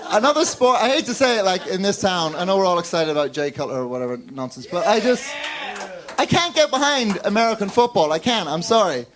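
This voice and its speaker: A man's voice: high voice, fast talker, a crowd in the background. A man from the UK with a British accent doing a stand-up comedy set in a small comedy club, playfully mocking as he talks. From United Kingdom. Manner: animated, mocking voices for quoted characters.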